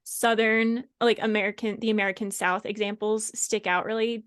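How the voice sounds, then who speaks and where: A woman's voice: medium pitch, little pitch movement, moderate pace, fairly bright tone, clean tone. A woman co-hosting a podcast in casual chat, friendly and explaining with examples. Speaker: podcast co-host.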